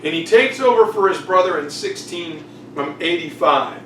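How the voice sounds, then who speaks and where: Male history teacher, high voice, jokey chatty lecture, echoey room, mic at a distance. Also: lively intonation, normal speed, a bit bright, a little hiss or hum. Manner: jokey, chatty, acts out quotes. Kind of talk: casual exam review lecture.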